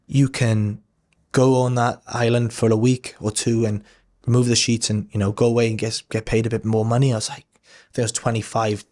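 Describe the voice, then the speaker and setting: A Welsh man in his thirties, appearing as a podcast guest, tells a story in a casual, candid way. He rambles, uses lots of fillers, swears offhandedly, and speaks at an ordinary middle pitch.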